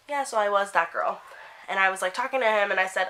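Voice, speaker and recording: A young woman from Canada telling a story to camera, animated, acting out the quotes and saying "like" a lot. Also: medium pitch, fairly quick, low-quality recording. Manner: animated, acts out quotes, heavy use of "like". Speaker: vlogger. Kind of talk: chatty storytelling while getting ready.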